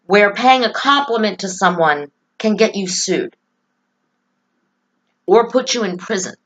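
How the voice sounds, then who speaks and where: A woman's voice: mid-range voice, animated, a little slow, a bit bright, rough recording. A woman vlogging to camera about her own life and opinions, earnest, emotional and opinionated. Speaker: political vlogger. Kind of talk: personal talk to camera.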